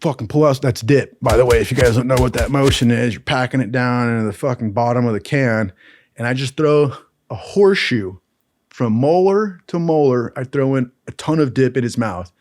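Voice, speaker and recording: A man's voice: medium pitch, moderate pace, a little mellow, dry recording, clean studio sound. Laid-back man swearing through a story. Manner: profane, laid-back, keeps saying "dude". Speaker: storyteller recalling military training. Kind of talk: casual crude anecdote telling.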